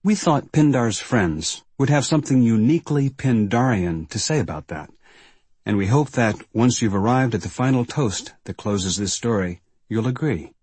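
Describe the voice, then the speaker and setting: A man reading a book's preface in a formal, measured way. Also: mid-range voice, animated, a little mellow, slightly rough, dry recording. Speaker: reader of the authors' preface. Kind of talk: scripted narration.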